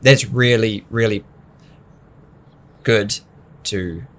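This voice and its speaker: A man co-hosting a training podcast, explaining ideas in long, animated, rambling runs with bursts of laughter. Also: lowish voice, extremely slow. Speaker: podcast co-host. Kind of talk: casual coaching chat.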